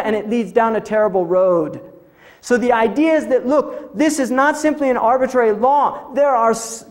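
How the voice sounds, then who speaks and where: A man lecturing on religion to an audience, explaining ideas step by step, reciting scripture passages and posing rhetorical questions in a conversational tone. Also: very high voice. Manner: explanatory, defines terms and recites scripture in between.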